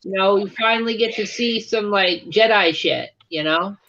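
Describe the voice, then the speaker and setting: A man in casual chat on a livestream, relaxed and full of fillers. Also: high voice, normal speed, muffled recording. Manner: relaxed, hesitant, filler-heavy.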